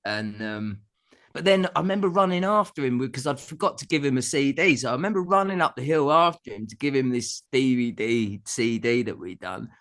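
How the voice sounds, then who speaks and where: A middle-aged man tells a long story in a relaxed chat. His voice rises and falls a lot as he acts out what people said. He laughs often as he talks. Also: medium pitch, a little fast. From England. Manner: animated anecdote telling with laughs and acted-out quotes. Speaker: guest musician. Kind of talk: casual storytelling.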